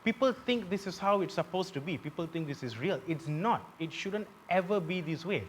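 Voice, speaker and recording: A man with a Malaysian English accent performing a satirical comedy monologue as host on a live theatre stage, punchy and given to shouting his punchlines. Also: sits high, lively intonation, moderate pace, a little hiss or hum. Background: audience laughter.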